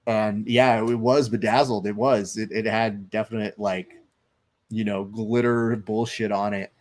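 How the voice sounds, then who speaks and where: A man's voice: fairly low pitch, flat delivery, a little slow. A man hosting a live stream, chatting loosely, reading viewer comments aloud and commenting on fights. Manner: loose, chatty, swearing, reads chat aloud.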